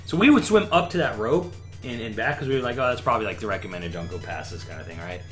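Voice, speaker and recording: A man's voice: fairly low pitch, expressive, fast talker, a bit bright, soft background music. Laid-back, rambling young man. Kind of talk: casual chat.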